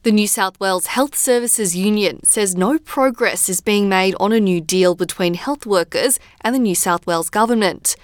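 A woman news presenter, reading a scripted bulletin in a measured, even delivery. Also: mid-range voice, no echo, clean studio sound.

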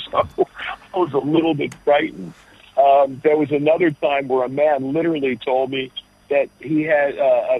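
Husky man on a dull phone line. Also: mid-range voice, no room sound. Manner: rambling, full of restarts and storytelling. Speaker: comedian guest. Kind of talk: phone interview chat. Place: airport.

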